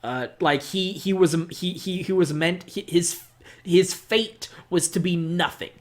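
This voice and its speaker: Casual gaming host, mid-pitched voice, rambly and excitable, swears a lot and fills every pause with "like.". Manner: rambling, fills speech with "like", restarts sentences. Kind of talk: casual unscripted game discussion monologue.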